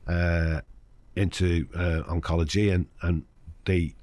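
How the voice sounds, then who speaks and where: A man's voice: low voice, little pitch movement, slow pace, a little mellow, no room sound. An older man, a podcast guest, tells a personal story frankly and acts out the voices of the people in it. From United Kingdom. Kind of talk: candid conversational storytelling.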